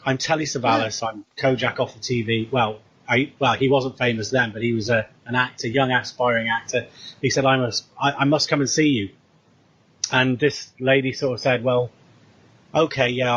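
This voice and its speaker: A man's voice: mid-range voice, breathy edge, lo-fi sound. A British man casually retelling a story, acting out the dialogue as he goes. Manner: animated retelling with quoted dialogue. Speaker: co-host.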